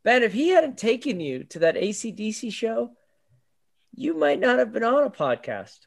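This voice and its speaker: Middle-aged guy hosting, pretty high voice bouncing around, playful with questions. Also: big pitch swings, moderate pace, gravelly. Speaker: podcast host. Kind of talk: casual chat.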